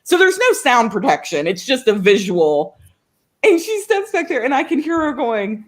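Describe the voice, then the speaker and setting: Woman, slightly high voice, animated storyteller, laughs often, casual chat. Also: normal speed. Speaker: co-host of a writing show.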